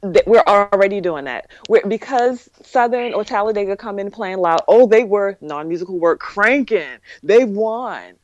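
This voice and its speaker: A woman's voice: medium pitch, normal speed, no room sound, dull audio. A woman co-hosting a podcast panel, making emphatic, opinionated points in casual discussion. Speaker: podcast co-host.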